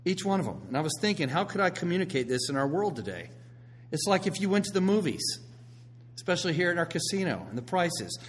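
A middle-aged man preaching a sermon as a pastor, telling stories with animated swings between loud bursts and hushed lines. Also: high voice, quick pace, slight background noise.

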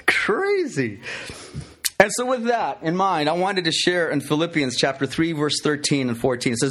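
Male pastor, lively and chatty sermon, a touch high-pitched. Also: moderate pace. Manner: chatty, many fillers and restarts, playful. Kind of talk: conversational sermon.

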